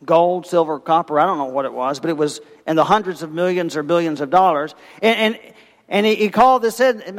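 A man preaching a sermon, telling a parable with lively, animated storytelling and acting out the voices of its characters. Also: high-pitched, fast, in a large hall. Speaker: pastor.

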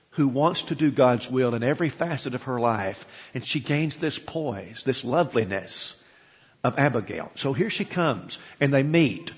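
A man's voice: fairly high pitch, husky. A male preacher delivering an emphatic sermon, often repeating words as he builds his points. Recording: lo-fi with long hall reverb.

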